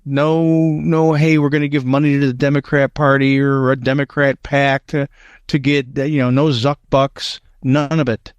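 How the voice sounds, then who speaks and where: A man's voice: fairly high pitch, clean tone, dry recording. A man co-hosting a casual political talk show, emphatic and opinionated, often restarting his sentences. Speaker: co-host.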